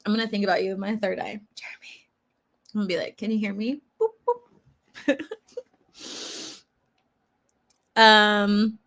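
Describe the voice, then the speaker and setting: A woman's voice: medium pitch, bright, forceful tone. A woman hosting a casual livestream, chatting and laughing often as she reads viewers' comments aloud, sometimes talking with food in her mouth. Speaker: livestream host. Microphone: eating while talking on a livestream.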